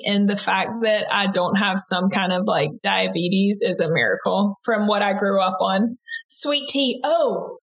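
Young adult woman, Southern US accent, chatty and quick, casual interview guest. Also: mid-range voice, a bit bright. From American South. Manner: chatty, quick-talking, many likes and restarts. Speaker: interview guest, aspiring broadcaster.

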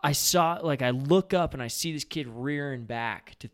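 A man, a fishing guide and podcast co-host telling an animated story in casual chat. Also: medium pitch, normal speed. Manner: animated storyteller, acts out shouts in quotes.

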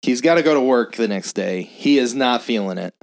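A man hosting a podcast, casually and profanely recapping a film's plot in an animated way. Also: mid-range voice, fairly quick. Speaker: podcast host. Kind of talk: casual film-review chat.

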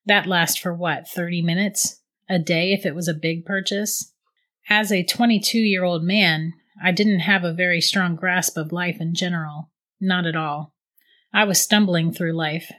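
A woman giving steady, reflective first-person audiobook narration. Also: on the low side.

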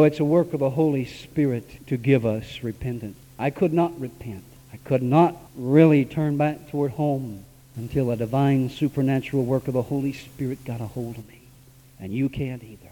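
High-voiced preacher with a lilt, echoing hall. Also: male voice. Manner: emotional storytelling preacher, swings from hushed to high exclaiming, chuckles. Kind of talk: sermon. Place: church sanctuary. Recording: long echoing reverb in a church hall.

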